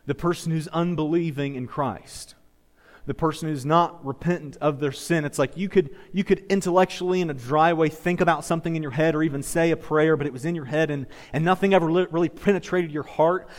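A man's voice: on the high side, steady tone, fast, in a large hall. A man preaching a sermon as pastor, repeating phrases and leading his congregation in call-and-response. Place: church sanctuary.

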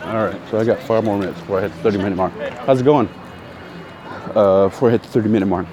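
Walking outside, this podcast host, a middle-aged man, talks fast in a voice on the low side, wandering off topic, fixing his own words and greeting people he passes. The audio is muffled, with crowd noise, traffic and street sounds around him.

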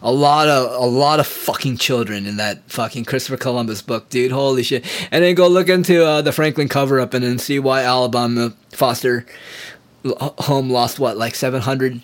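A man's voice: mid-range voice, steady tone, moderate pace. A man talking alone in a loose, heated rant, sarcastic and full of swearing. His throat is still sore from a recent illness, and he talks straight to the listener with a scornful edge. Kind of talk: casual rant monologue.

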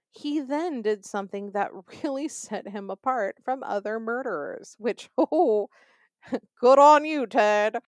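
A woman's voice: medium pitch, no echo, studio quality. A young woman hosting a true crime podcast, telling the story in a sarcastic, conversational way. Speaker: podcast host.

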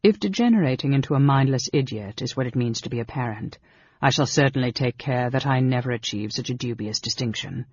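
A cool, softly mocking dark elf sorcerer, as a male narrator puts him on, his husky, gravelly voice kept low and unhurried. The audiobook recording is dull and lo-fi, dry and close. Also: no echo. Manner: calm, dry, condescending.

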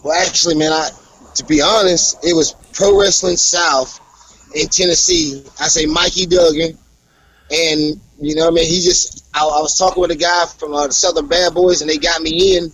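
A young adult man, a professional wrestler, talking casually in an interview and breaking into animated promo-style trash talk. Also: a little high, normal speed, creaky, husky, dry recording, poor audio. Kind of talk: casual interview over a call.

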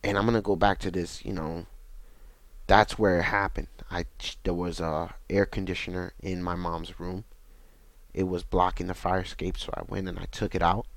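A young man, telling his own story in a halting, repetitive, reflective way. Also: deep voice, little pitch movement, no echo. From Bronx, New York. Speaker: interview guest. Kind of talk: personal testimony.

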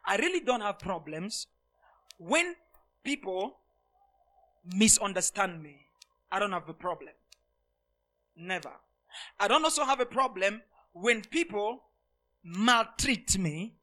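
A man preaches a sermon to his congregation, his voice sitting very high for a man. His tone is bright and forceful, and he repeats lines for emphasis. He jumps from loud, ringing shouts down to quiet, intimate asides. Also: very animated, a little slow, pauses often. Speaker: pastor.

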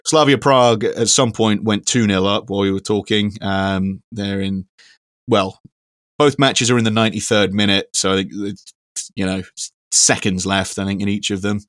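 Guy cohosting a podcast, lowish voice, rambly, swears a bit, dry close sound. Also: steady tone, normal speed, fairly bright tone, no echo. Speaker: podcast co-host. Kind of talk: casual chat.

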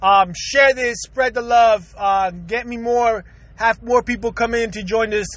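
A man's voice: very high-pitched, steady tone, measured pace, fairly bright tone, dry recording. A man hosting his own podcast, ranting in a profane, rambling way and laughing often. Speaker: podcast host. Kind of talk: casual podcast rant.

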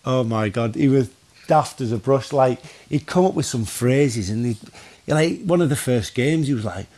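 A man from northwest England, a former goalkeeper and podcast guest, telling stories in a casual chat, animated, with many fillers and restarts. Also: mid-range voice, moderate pace.

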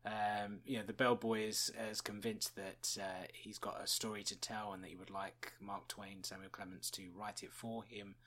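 A man's voice: fairly low pitch, level tone, normal speed, few pauses, sharp tone. A man hosting a podcast, musing chattily about a TV episode with fillers and chuckles. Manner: chuckles often. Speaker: podcast host reviewing a TV episode. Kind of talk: casual spoken commentary.

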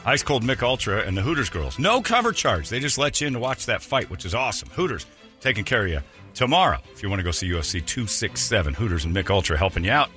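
Male morning-radio host, deeper voice, animated, jokey and quick to laugh; studio mic, faint music bed. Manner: joking, laughs often, breaks into impressions. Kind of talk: casual radio banter. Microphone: studio microphone.

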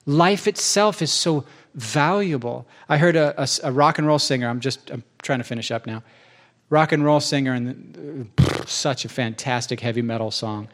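An eager male preacher talks his way through a sermon on a church stage, his voice sitting in an ordinary middle pitch. He speaks casually, breaking off and restarting his sentences as his ideas run ahead. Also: normal speed. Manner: enthusiastic, conversational, many restarts.

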